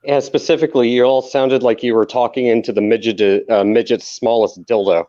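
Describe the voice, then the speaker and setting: A man's voice: mid-range voice, fairly even intonation, fairly quick, mellow. A man co-hosting a casual podcast chat, talking emphatically and with plenty of swearing. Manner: profane, emphatic, insistent. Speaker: podcast co-host. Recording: dull lo-fi sound.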